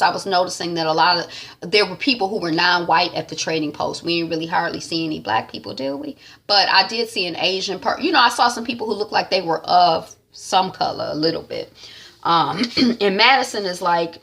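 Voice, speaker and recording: A woman's voice: fairly low pitch, vocal fry, fairly bright tone. A woman casually recapping a TV episode, rambling and chatty, with plenty of ums and you-knows. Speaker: TV recap vlogger.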